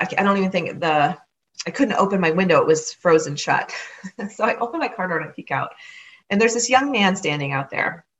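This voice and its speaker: A woman telling a personal story in an animated way, acting out what others said. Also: lowish voice, lo-fi sound. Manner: animated, acts out others' words.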